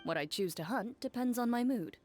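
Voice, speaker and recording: A woman playing a composed, blunt young woman who speaks in a calm, matter-of-fact way. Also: on the high side, brisk, lightly acted. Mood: dry. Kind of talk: game dialogue voice acting. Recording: game cutscene with faint music.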